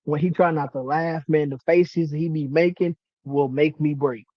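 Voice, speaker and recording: A man's voice: fairly high pitch, fairly even intonation, moderate pace, dry recording. Laid-back podcast co-host man, dull sound. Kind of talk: casual chat.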